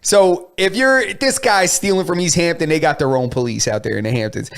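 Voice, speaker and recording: A man's voice: fairly high pitch, fairly quick, vocal fry, a bit bright. Upbeat man, podcast co-host. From New York area. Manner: laughing, storytelling banter. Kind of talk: casual chat.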